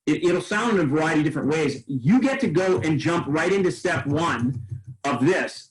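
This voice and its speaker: Fast-coaching male sales trainer. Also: fairly high pitch, lively intonation, poor audio. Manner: coaching, quick asides, repeats words when starting. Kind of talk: sales training role-play.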